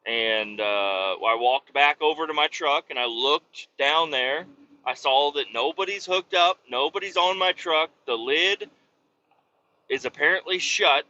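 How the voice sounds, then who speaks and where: Sharp-voiced man telling a profane story. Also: a little high, normal speed. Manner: profane, rambling, animated. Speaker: podcast host, truck driver. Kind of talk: casual storytelling. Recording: dull lo-fi with faint noise.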